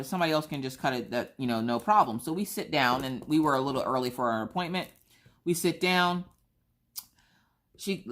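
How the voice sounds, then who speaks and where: Low-voiced woman telling a story. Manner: animated storyteller acting out other people's lines. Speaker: crafting vlogger. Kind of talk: casual storytelling chat.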